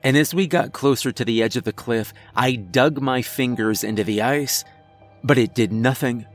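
A man narrating a first-person horror story in a measured storytelling manner. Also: medium pitch, soft background music.

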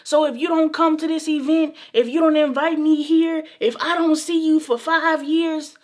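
A woman's voice: sits high, steady tone, normal speed, a little mellow. A young woman talking earnestly to camera in a vlog, emphatic and repetitive, calling her viewers baby and y'all. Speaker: beauty vlogger. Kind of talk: casual heartfelt talk to camera.

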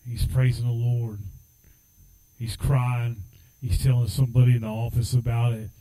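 A man preaching with a mellow, warm tone, moving easily between plain storytelling and fervent exhortation. His pitch sits in the middle for a man. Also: level tone, normal speed, poor audio. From United States. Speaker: assistant pastor. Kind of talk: sermon.

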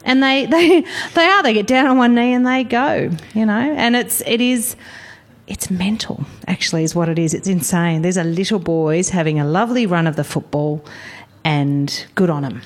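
A middle-aged Australian woman, a guest on a chat show, telling comic stories about coaching junior football in a lively, wry way and laughing often. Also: mid-range voice, moderate pace. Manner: animated storyteller, wry, laughs often, acts out voices. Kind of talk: casual chat, comic anecdotes.

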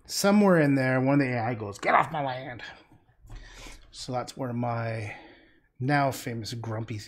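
A man's voice: mid-range voice, normal speed. A man chatting casually on a livestream while he paints, rambling and talking to himself about the canvas.

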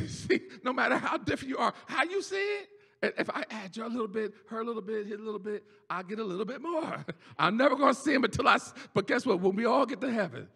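A pastor preaching a sermon in a church, shouting and half-singing his peaks, then dropping low for quiet asides. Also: expressive, fast talker, gravelly, breathy edge. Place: church sanctuary. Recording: church hall reverb with faint organ music.

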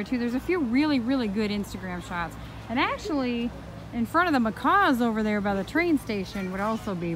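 A woman filming a casual travel vlog outdoors at a theme park, chatty and bubbly, cooing at the animals she passes. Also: on the high side. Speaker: travel vlogger. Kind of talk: casual vlog walk-through.

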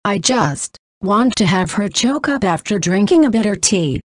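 A woman voicing a spoiled young lady who gets shrill and defensive. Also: lively intonation, normal speed, dry recording, studio quality, close to an everyday voice.

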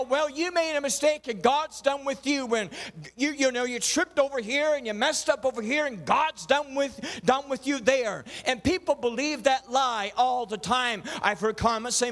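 A man's voice: very high voice, a bit bright. A male pastor, preaching a folksy sermon with rhythmic repeated refrains.

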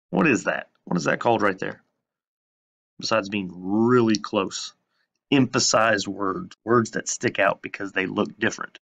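Male teacher, recorded lesson, slow deliberate delivery, low gravelly voice, asks and answers his own questions. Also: fairly bright tone.

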